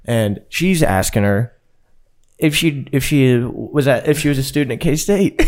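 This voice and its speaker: Profane, animated male podcast storyteller. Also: mid-range voice, measured pace. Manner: profane, animated, laughs often. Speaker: podcast co-host. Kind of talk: casual storytelling chat.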